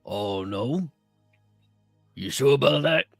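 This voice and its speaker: A man's voice: medium pitch, animated, slow, gravelly, no room sound, faint music behind, voice pushed up, full character voice. A man playing a hulking male hired bodyguard in a tabletop game, talking in a brusque, pushy way.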